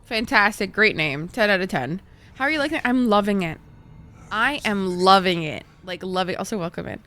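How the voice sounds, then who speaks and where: A young woman streamer chatting casually with viewers, excitable and swearing, laughing often. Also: medium pitch, quick pace, faint music behind. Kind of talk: casual gaming stream chat.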